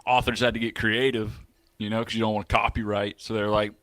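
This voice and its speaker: A man's voice: fairly low pitch, level tone, brisk, a bit bright, no room sound. A man co-hosting a sports show, chatting casually in a playful, joking way and laughing often. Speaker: co-host.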